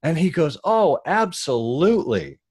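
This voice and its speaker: A man telling a story as a podcast guest, animated and acting out the voices of the people he quotes. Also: on the high side, measured pace, breathy edge, dry recording, clean studio sound. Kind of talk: conversational storytelling.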